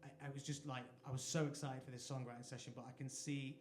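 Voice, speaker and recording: A singer-songwriter from England, on a live venue stage, tells a self-deprecating anecdote in a chatty way between songs. His medium-pitched voice moves little in pitch and runs at a quick pace. The echoey live sound carries slight background noise.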